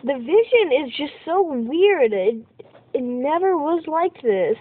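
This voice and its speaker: A woman's voice: high-pitched, slow pace, dry recording. A woman giving casual let's-play commentary over her gameplay, exclaiming and yelping at every surprise. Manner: excitable, exclaims and yelps at in-game surprises. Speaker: gamer recording gameplay commentary. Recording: tinny phone-like dry recording.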